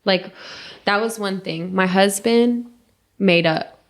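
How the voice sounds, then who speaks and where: A young woman co-hosting a podcast shares a painful personal story in her mid-range voice. She speaks haltingly and with emotion, sinking to a hush at the hardest moments.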